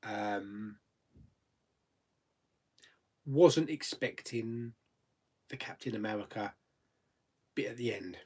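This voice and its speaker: A man's voice: fairly low pitch, slow, long pauses, darkish tone. A man hosting a live chat stream, casually reading out viewer questions and answering them with frequent laughs. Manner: chatty, laughs often, reads viewer comments aloud.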